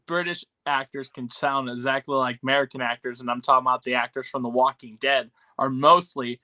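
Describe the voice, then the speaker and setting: A man's voice: mid-range voice, fairly even intonation, a little fast, sharp tone. A man co-hosting a casual film podcast, speaking hesitantly with many fillers. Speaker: podcast co-host. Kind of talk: casual panel chat.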